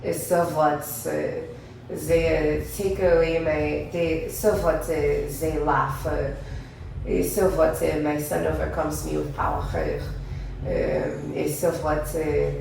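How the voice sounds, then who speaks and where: A woman voicing a halting, pompous middle-aged male cleric leader in a put-on Iranian accent. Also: low-pitched, level tone, vocal fry, darkish tone, slight background noise, full character voice. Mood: mock solemn. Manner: slow, halting, full of "uh" pauses. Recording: echoey room, mic at a distance.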